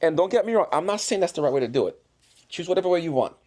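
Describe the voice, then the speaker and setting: A man's voice: on the high side, animated, rapid-fire, a little mellow. A father in a casual podcast chat, animatedly telling stories about his kids and acting out their voices. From the islands. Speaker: single father guest.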